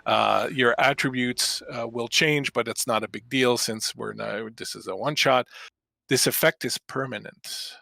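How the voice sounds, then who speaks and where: A man's voice: mid-range voice, steady tone, a little slow, gravelly, pushed and bright, no echo. A man narrating a tabletop game as game master, telling the story in a descriptive, dramatic way over a video call.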